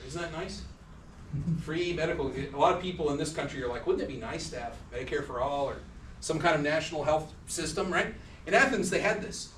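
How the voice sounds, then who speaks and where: A man lecturing a class with a fairly high voice, loose and joking, slipping into little voices for the people he quotes. He is picked up from across an echoey lecture hall, with faint noise behind him. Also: fairly bright tone, recorded from a distance. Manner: casual, joking, acts out quoted speakers. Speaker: university lecturer.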